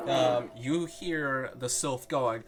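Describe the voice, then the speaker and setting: A man's voice: medium pitch, takes it slowly. A young man narrating a tabletop game as game master, laid-back and full of fillers and laughs. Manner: casual, laughing, filler-heavy.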